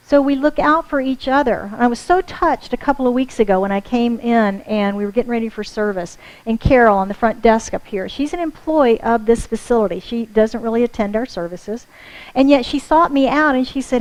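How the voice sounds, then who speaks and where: A woman's voice: a little high, fairly quick, low-quality recording. A woman minister with an American accent, preaching a sermon to her congregation in a friendly, conversational way. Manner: warm conversational preaching with audience asides. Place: church sanctuary.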